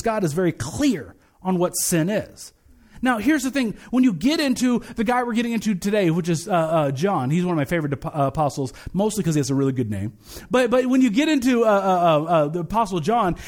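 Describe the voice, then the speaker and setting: A male pastor preaching in a relaxed, conversational way, with a fairly high voice. He jokes, trips over and repeats his words, and slows right down when reciting a statement of faith. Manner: casual, joking, restarts and repeats words; recites the creed slowly and deliberately. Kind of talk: conversational sermon.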